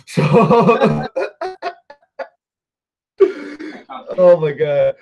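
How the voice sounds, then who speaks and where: Rambling, foul-mouthed podcast host. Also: male voice, on the high side, wildly swooping pitch, extremely slow, long pauses, soft background music. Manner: loose, profanity-heavy, peppered with "dude" and "like"; rambling, often backtracks and corrects himself. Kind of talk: casual rambling movie recap.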